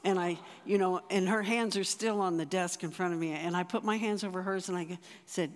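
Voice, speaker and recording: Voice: mid-range voice, fairly even intonation, brisk. A speaker giving a sermon through a personal story, talking conversationally with frequent restarts. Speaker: speaker at a church or retreat. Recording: reverberant hall.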